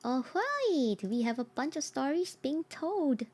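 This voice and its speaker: A woman streamer with a hoarse, croaky voice, chatting casually and reacting expressively to horror stories, quick to laugh and repeating her exclamations. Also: high-pitched, a little hiss or hum. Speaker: streamer hosting a story night. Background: soft ambient music.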